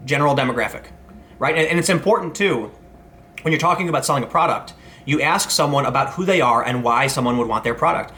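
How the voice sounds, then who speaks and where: A man's voice: a little high, animated, fast talker, bright, forceful tone, a little hiss or hum. A man in his thirties hosting a casual commentary vlog, rambling with many restarts and asides. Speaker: commentary host.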